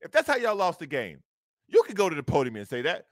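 A man co-hosting a sports talk show, ranting and mocking in loose slang with loud outbursts. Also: on the high side, huge pitch swings, quick pace, no echo, studio quality.

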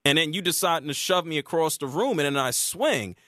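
A man's voice: a little fast, no echo, studio quality. A man hosting a sports talk radio show, arguing his point with emphasis. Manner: emphatic, argumentative, lively pitch swings.

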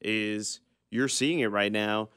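A man's voice: fairly low pitch, steady tone, slow, a bit bright, clean tone, no room sound, studio quality. A man co-hosting a sports talk show, chatting easily, agreeing and then adding his own analysis. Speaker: sports radio co-host.

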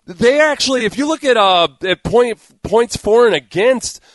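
A man co-hosting a sports talk show, a former player who talks in a rambling, animated, self-mocking way. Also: very high voice, normal speed, no room sound.

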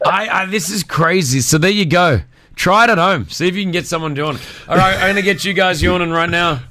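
Playful radio host man, higher voice. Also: a little fast, bright, forceful tone, no echo, clean studio sound. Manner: playful, laughing, teasing. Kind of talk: casual radio chat.

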